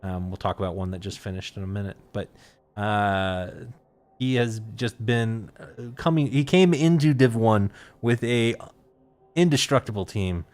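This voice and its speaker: A man hosts a casual esports talk show in a somewhat low voice. He talks in a laid-back way and fills his pauses with uh and um. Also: darkish tone. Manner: lots of uh and um fillers, laid-back. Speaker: host.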